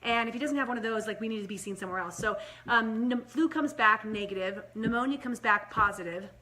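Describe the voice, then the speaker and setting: A young woman and mother talking casually to camera as a vlog host, chatty, with many "like" and "right?" fillers, her pace swinging between quick and slow. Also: on the high side, bright, forceful tone.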